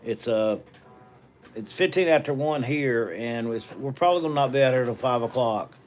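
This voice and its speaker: A man's voice: medium pitch, normal speed, a little mellow, a little hiss or hum. A middle-aged man with a Southern US accent, chatting casually and rambling in folksy country talk as he reads viewer comments on a phone livestream from a hospital treatment room. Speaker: livestream host and auctioneer.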